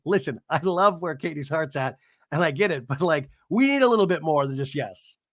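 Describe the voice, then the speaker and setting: Lively high-pitched man recapping TV. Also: no echo, clean studio sound. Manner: wry, chatty, quotes the cast in quick lines. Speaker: podcast host. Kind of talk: casual TV recap commentary.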